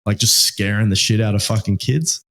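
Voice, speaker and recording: A man's voice: lowish voice, a little fast, fairly bright tone. An Australian man co-hosting a podcast in loose, casual chat, swearing freely and full of fillers and restarts. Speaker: podcast co-host.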